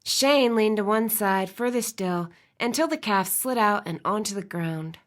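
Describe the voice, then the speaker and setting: Expressive woman audiobook narrator, storytelling voice, soft in tender moments. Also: medium pitch, measured pace. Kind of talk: scripted narration.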